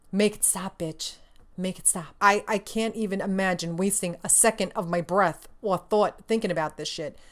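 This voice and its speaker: A young woman hosts a gaming news roundup with a slightly low voice. She rants with sass and plenty of swearing. She laughs often as she vents. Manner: profane, sassy, laughs often, exasperated. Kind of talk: casual gaming news rant.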